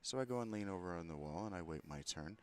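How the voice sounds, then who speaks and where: A man's voice: low voice, expressive, fast talker, slight background noise. A man telling an angry, profane story about a confrontation, aggrieved and heated. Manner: profane, aggrieved, retells a confrontation with mounting anger. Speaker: vlogger.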